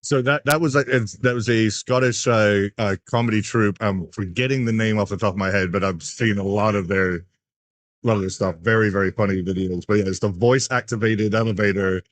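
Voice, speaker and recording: A man's voice: fairly low pitch, fairly even intonation, fairly quick, dry recording. A man from England chatting as a pool stream commentator, telling stories and laughing often. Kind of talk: casual commentary chat.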